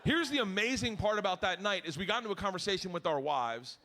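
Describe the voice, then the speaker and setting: A middle-aged man doing a crude stand-up comedy routine on stage, jumping between high and low voices as he acts out the people in his stories. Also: expressive, quick pace, noisy background. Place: comedy stage before a live audience.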